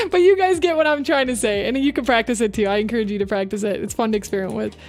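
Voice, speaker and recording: A woman's voice: a little high, fast talker. A woman streamer chatting casually into her microphone, giving upbeat voice acting tips to her chat. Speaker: VTuber streamer.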